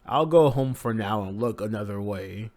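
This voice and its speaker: A man reading the lines of a calm, decent young male hero from a manga in his own voice. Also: on the low side, normal speed.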